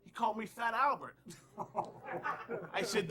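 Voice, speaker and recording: A man's voice: high-pitched, takes it slowly, a crowd in the background. A man, an umpire, telling funny stories from the field and laughing along. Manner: laughing storyteller. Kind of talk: anecdotal interview.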